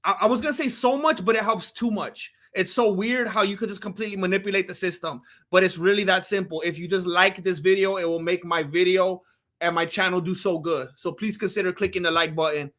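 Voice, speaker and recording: A young man with a high, bright voice, chatting excitedly on a live stream from his desk mic. He jumps between thanking viewers and hyping himself up. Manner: hyped, shouts and laughs often, quick asides to chat. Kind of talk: excitable live watch-along chat.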